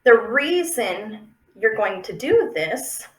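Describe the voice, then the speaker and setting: A woman's voice: a little high, sing-song, slow pace. A woman giving a casual, chatty how-to talk on affirmations, often checking in with the listener. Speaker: affirmation practice teacher. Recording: roomy, echoey room.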